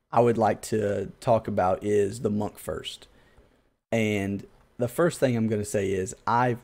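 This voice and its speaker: A man with a lowish, warm and mellow voice hosts a casual gaming podcast. He thinks aloud as he goes, drifting through long, loose explanations and poking fun at himself now and then. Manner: thinks aloud, self-deprecating, loose and rambling. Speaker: podcast host.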